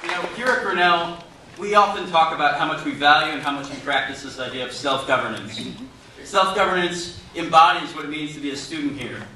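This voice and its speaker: A man's voice: fairly high pitch, brisk, background noise. A student in his twenties giving an earnest prepared speech to introduce a speaker, stumbling a little. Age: 20s. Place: large room with a cheering crowd. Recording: echoey hall, distant mic, loud crowd.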